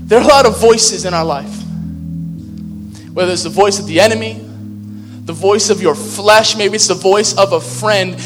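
A man's voice: high-pitched, normal speed, long pauses. A man, a pastor, preaching a sermon in a conversational, humorous way in a large church hall. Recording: long hall reverb with faint music.

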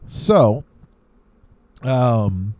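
A man's voice: expressive, very slow, dark tone, no room sound. Casting: man, podcast co-host, loose rambling delivery full of ums, spinning goofy fake film plots. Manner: rambling, pitching absurd made-up movie plots. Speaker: teacher. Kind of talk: casual comedic chat.

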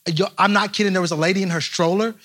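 A young man, a pastor, preaching a lively storytelling sermon straight to his congregation. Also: high-pitched, fast. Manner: animated, speaks straight to the congregation.

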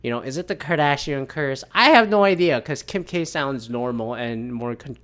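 A man's voice: medium pitch, lively intonation, moderate pace, fairly bright tone. A man ranting casually about celebrity news, rambling and swearing often, with many fillers and restarts.

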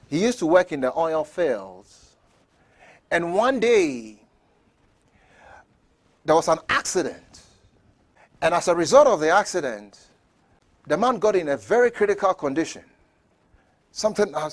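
Guy preaching a sermon, kinda high voice, bounces all over, goes loud then real quiet, little laughs. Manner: animated storytelling, swings from loud shouts to near-whispers; chuckles between points. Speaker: pastor.

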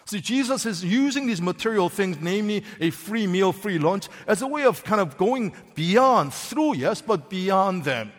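Animated high-voiced male preacher. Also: unhurried, few pauses, big-room sound. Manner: animated, questions the congregation directly. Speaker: pastor. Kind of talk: sermon.

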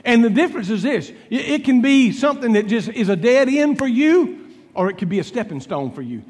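A man preaching a sermon, telling a Bible story dramatically and acting out its dialogue with swings between loud and soft. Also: extremely high pitch, very animated, a little fast, breathy edge, big-room sound. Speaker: pastor.

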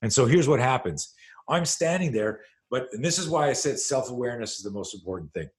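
A man's voice: medium pitch, a little fast. A middle-aged man, a self-defense instructor, telling a story in an interview. He swears freely and acts out the scenes as he goes. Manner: profane, animated storyteller who acts out scenes.

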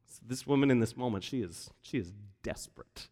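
In a church sanctuary, a male pastor delivers a sermon, telling the story with animation and acting out the quoted voices. His mid-range voice is brisk and mellow, and the large hall gives a long reverb.

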